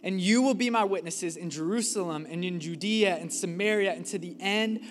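A man preaching a sermon as a pastor, impassioned, acting out quotes and rising to shouts. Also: sits high, a little fast, background noise. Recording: long hall reverb.

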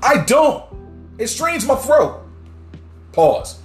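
A man's voice: very high voice, big pitch swings, very slow. A man hosting a podcast, ranting heatedly about the news in blunt, short, swearing sentences. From New Jersey. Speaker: podcast host. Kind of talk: casual news commentary. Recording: echoey room with faint music.

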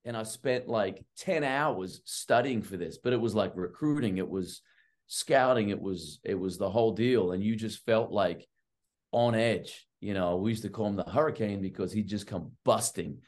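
A man's voice: on the low side, moderate pace. A middle-aged man, a basketball coach guest, telling long stories in casual chat, full of fillers and asides. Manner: animated and long-winded, heavy on fillers like "like" and "right". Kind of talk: casual storytelling.

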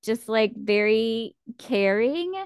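A woman's voice: fairly high pitch, takes it slowly, clear, resonant tone, no room sound. Chatty woman with a dry, close sound. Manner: chatty, animated retelling, laughs often, many "like" fillers. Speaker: book discussion co-host. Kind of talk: casual chat.

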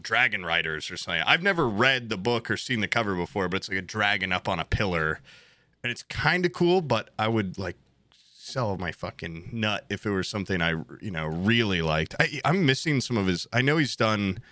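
A man's voice: lowish voice, sharp tone, no room sound. A young man co-hosting a podcast, chatting casually in a rambling, profane, laid-back way. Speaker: podcast co-host. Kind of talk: casual chat.

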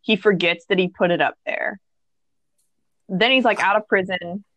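A young woman co-hosting a casual podcast, telling a story with lively acted-out quotes and blunt swearing. Her voice sounds close and dry, with little room sound. She talks in an easy, mid-pitched voice. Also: moderate pace, no echo. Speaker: podcast co-host.

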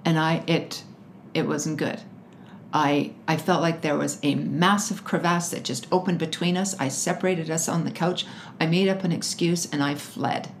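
A woman's voice: low voice, fairly even intonation, normal speed, a little hiss or hum. A woman being interviewed, telling a personal story emphatically and with animation, often laughing as she talks. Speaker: interview guest. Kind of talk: personal story told in conversation.

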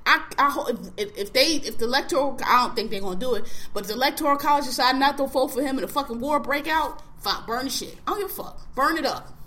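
A woman with a high, bright voice tears into her listeners in a profane rant. She is blunt and scolding, repeats her jabs, and keeps up hard emphasis as a podcast co-host. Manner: fast-paced, emphatic, keeps repeating a phrase. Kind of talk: profane ranting monologue.

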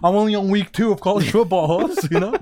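High-voiced man, rowdy and profane. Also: brisk, mellow. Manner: rowdy, profane, laughs a lot. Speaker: podcast co-host. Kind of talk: casual chat.

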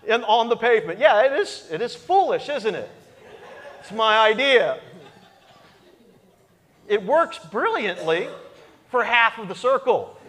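Pastor, male, high-pitched, animated and self-mocking storyteller, reverberant sanctuary. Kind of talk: sermon storytelling.

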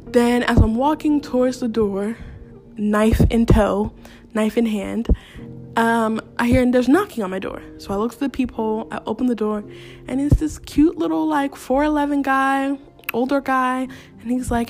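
A young woman hosting a podcast, telling a scary story in a casual, animated, profane way, talking straight to her listeners. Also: fairly high pitch, normal speed, faint music behind. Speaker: podcast host.

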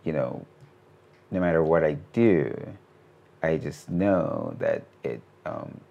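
Low gravelly man, rambling interview answers. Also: takes it slowly, highs cut off. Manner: relaxed, rambling, many fillers and restarts. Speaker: animation studio CEO, interview guest.

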